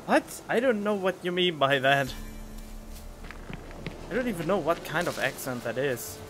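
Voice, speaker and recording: A man's voice: on the high side, lively intonation, normal speed. A man streaming a video game, rambling casually and chatting to his viewers. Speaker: let's play streamer. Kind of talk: casual gameplay commentary. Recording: game music playing behind.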